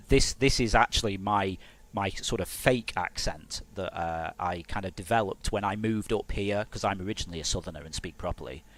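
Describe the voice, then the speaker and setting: A man's voice: fairly low pitch, fairly bright tone, dry recording. A man from Hertfordshire, England, a game developer chatting casually on a live stream in a rambling, self-mocking way.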